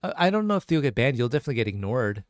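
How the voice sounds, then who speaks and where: A man's voice: mid-range voice, sing-song, rapid-fire, no echo, clean studio sound. Chatty man teaching on a live stream. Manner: casual, chatty, reads chat questions aloud. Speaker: Korean language teacher. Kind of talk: live-streamed language lesson.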